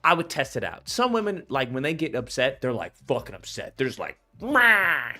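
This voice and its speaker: Animated, cursing man riffing on clips. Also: medium pitch, a little fast, soft background music. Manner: animated, profane, acts out quoted voices. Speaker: commentator reacting to clips. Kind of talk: casual reaction commentary.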